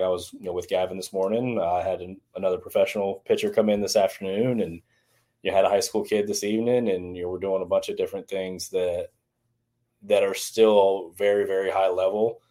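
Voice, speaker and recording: A man in his thirties answers interview questions in an earnest, reflective way. His voice sits very low. He speaks in an even, level tone. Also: a little fast. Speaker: baseball trainer and former strength coach. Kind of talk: casual interview talk.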